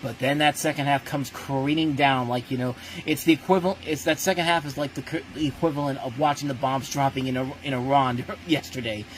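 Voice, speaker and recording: A man's voice: mid-range voice, fairly even intonation, fairly quick, hardly any pauses, a little hiss or hum, low-quality recording. Blunt ranting male movie reviewer. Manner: blunt, ranting, many restarts. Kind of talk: casual spoken movie review.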